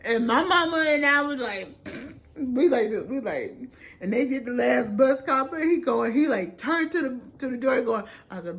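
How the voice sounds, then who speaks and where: Young woman, casual storytime, lively acted-out quotes, fairly high voice. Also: moderate pace, slightly rough. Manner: animated, acts out quotes, many fillers.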